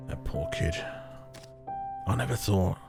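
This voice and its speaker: Man reading a flustered, stammering bearded trucker, low voice over game music. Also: measured pace, creaky, heavily acted. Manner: hesitant, stammering. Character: awkward, bumbling bearded male truck driver.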